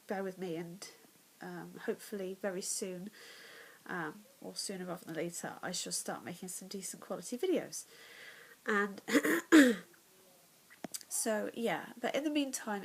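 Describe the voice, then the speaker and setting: A woman's voice: medium pitch, poor audio. A woman in her thirties chatting to her phone camera at home, rambling with lots of fillers and restarts. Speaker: vlogger. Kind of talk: casual chat to camera. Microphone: phone or tablet camera.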